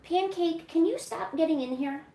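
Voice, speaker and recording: A woman hosting a livestream, chatting casually and coaxing her cats with high, sing-song pet talk at home. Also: moderate pace, mellow. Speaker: livestream host. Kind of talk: casual chat to her cats during a stream. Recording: echoey room with faint hiss.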